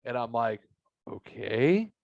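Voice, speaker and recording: A man's voice: mid-range voice, very animated, takes it slowly, gravelly, a little mellow, no room sound, muffled recording. A man hosting a podcast, telling a long story in casual chat and swearing a lot. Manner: profane, rambling storyteller. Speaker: podcast host.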